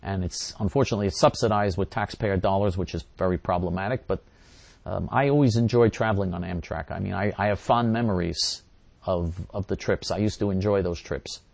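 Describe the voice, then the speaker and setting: A middle-aged man with a fairly low voice hosts a talk show and answers listener questions. He talks emphatically and circles back over his own phrases, restarting sentences as he goes. His voice sounds dry and close on the mic, with no room behind it. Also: fairly quick, creaky, darkish tone, no room sound. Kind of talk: casual monologue answering questions.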